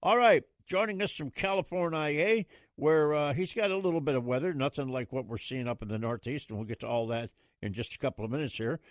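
A man hosting a talk radio show, folksy and emphatic, rambling through shout-outs and opinions. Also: medium pitch, a little fast, few pauses, no echo, clean studio sound.

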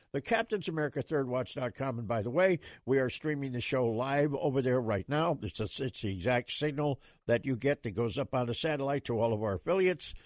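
A man's voice: a little high, no echo, clean studio sound. A man hosting a late-night talk radio show for truckers, talking in a folksy, rambling way with plenty of fillers.

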